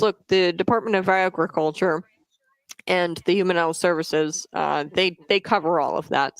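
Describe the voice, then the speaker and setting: A woman's voice: on the low side, no echo. A woman hosting a casual political commentary show, chatty and conversational, often checking in with "okay?" and sometimes stumbling over names. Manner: chatty, frequently tags "okay?".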